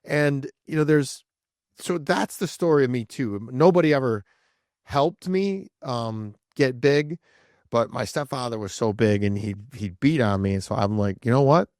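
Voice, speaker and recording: A man's voice: mid-range voice, unhurried, a little mellow, dry recording. Man chatting on a podcast, dry sound. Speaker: podcast guest. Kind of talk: casual conversation.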